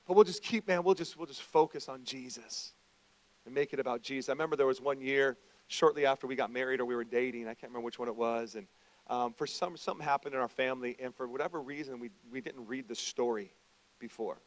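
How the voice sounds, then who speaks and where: A middle-aged male pastor giving a conversational sermon, moving between quiet asides and loud emphatic stretches. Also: medium pitch, fast.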